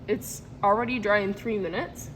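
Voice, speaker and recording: Woman, casual vlog, rambling, emotional, laughing, mid pitch. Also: fairly even intonation, normal speed, fairly bright tone, a little hiss or hum. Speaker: vlogger and product maker. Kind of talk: casual vlog talk to camera.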